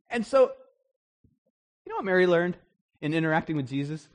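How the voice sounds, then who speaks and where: A man preaching a sermon in an animated way, acting out the voices he quotes. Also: sits high, a little fast, long pauses. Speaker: pastor.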